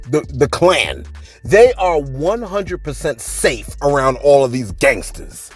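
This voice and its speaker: A man hosting a celebrity gossip channel, talking casually to viewers with animated rhetorical asides and repeated words. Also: fairly high pitch, slow pace, slightly rough, soft background music. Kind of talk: casual gossip commentary to camera.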